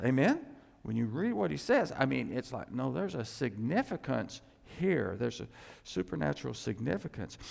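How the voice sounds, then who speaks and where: A man's voice: medium pitch, vocal fry, long reverb tail. A male pastor preaching a conversational sermon, with plenty of fillers and key words repeated for emphasis.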